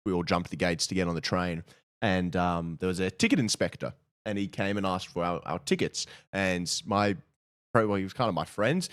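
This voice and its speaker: A man's voice: low voice, moderate pace. A young man co-hosting a livestream, joking and teasing in casual banter. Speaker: streamer, co-host.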